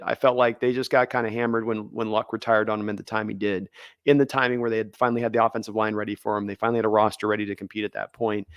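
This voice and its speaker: Male podcast co-host, fast and rambling, recorded dry. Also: mid-range voice, dry recording. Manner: rapid, rambling, frequent restarts. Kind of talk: casual sports chat.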